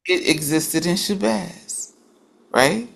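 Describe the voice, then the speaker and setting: A woman speaks slowly in a religious study group, her voice carrying a gravelly edge. She reflects aloud, restarting sentences as she works through her thoughts in relaxed discussion. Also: lowish voice.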